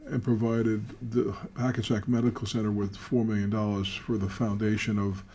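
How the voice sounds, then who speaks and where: A man's voice: lowish voice, little pitch movement, moderate pace, mellow, breathy edge. An older man and podcast guest telling a personal story in a casual interview, earnest and emphatic. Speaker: podcast guest, charity founder.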